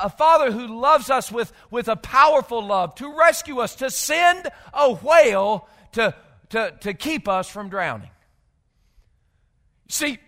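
High, bright-voiced preacher in a reverberant hall. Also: male voice. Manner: emphatic, swinging between loud outbursts and quiet low passages; repeats words when gathering thoughts. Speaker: pastor. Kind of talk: sermon.

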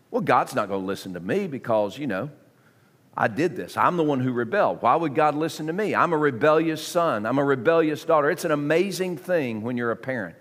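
A man preaching a sermon to a congregation, swinging from hushed tones to near-shouting. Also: mid-range voice, expressive, moderate pace, in a large hall. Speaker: pastor.

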